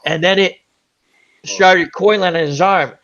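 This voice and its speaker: A man's voice: sits high, unhurried, gravelly. Rambling male chat-show host, muffled. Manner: rambling, animated anecdote with many asides. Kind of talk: casual chat storytelling. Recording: dull lo-fi audio.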